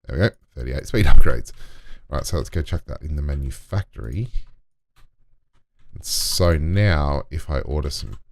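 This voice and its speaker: A man's voice: extremely low pitch, expressive, moderate pace. A man giving casual gameplay commentary, muttering to himself and talking to in-game items as he builds. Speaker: let's play gamer.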